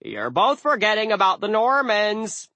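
Man doing a scholarly crow, pedantic, lecturing, raised pitch, audiobook. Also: big pitch swings, unhurried, bright, forceful tone, no room sound, full character voice. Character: nerdy scholarly male crow.

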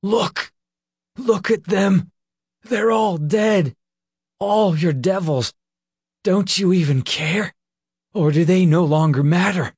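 A man's voice: mid-range voice, slow, darkish tone, breathy edge, dry recording, studio quality. A man voicing a wounded teenage boy who snaps bitter, angry accusations, reading an audiobook. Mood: furious.

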